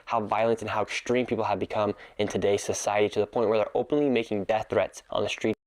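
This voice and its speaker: A man's voice: fairly low pitch, steady tone, fast. A man narrating his own video in an earnest, indignant tone. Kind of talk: scripted narration.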